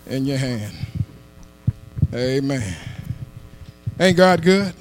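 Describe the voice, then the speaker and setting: A man preaching a sermon as pastor, rising into shouted and half-sung call-and-response lines, recorded in a church with a mains hum. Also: high voice, lively intonation, unhurried, long pauses. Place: church sanctuary.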